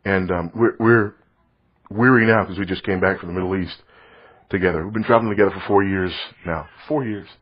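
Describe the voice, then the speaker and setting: Man, middle-aged, preacher, husky voice, animated sermon storytelling, dull lo-fi recording. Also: low-pitched, brisk. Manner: animated storyteller, swings from loud to hushed.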